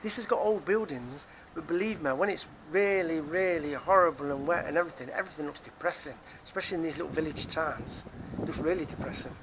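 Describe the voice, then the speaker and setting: A man's voice: fairly high pitch, fast, background noise. A man with a Nottingham accent, talking casually and rambling to camera as a vlogger, repeating himself as he goes. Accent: Nottingham English. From England. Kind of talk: casual rambling vlog monologue. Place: outdoors near a car park.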